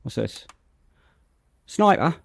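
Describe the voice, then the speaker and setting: A man's voice: slow pace, slight background noise. A British man live-streaming a game, chatting casually and greeting viewers by name as he plays. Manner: greets chat viewers by name between gameplay remarks. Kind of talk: casual live-stream chat while playing.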